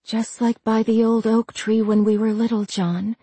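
A woman's voice: on the high side, flat delivery, moderate pace, warm tone, husky, dry recording. A woman voicing a falsely cheerful girl imposter with an eerie sweetness. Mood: soft eerie.

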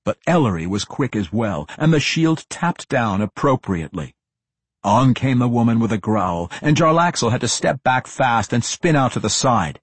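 A man reading a fantasy audiobook as narrator, telling the story in an expressive, dramatic way. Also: mid-range voice, normal speed, breathy edge, dry recording.

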